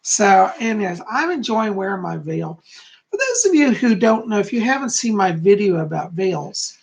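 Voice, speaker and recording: A man chats casually with his viewers on a live stream, upbeat and talkative. His voice carries a gravelly, creaky edge. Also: high-pitched, very animated, moderate pace. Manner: chatty and upbeat, greeting viewers by name. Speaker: psychic hosting a live stream.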